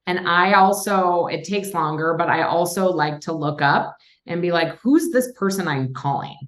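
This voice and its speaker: A woman's voice: fairly low pitch, moderate pace. A woman from Minnesota, a real estate investor chatting casually on a podcast and acting out her phone calls as she tells stories. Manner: chatty, storytelling, acts out quoted phone calls.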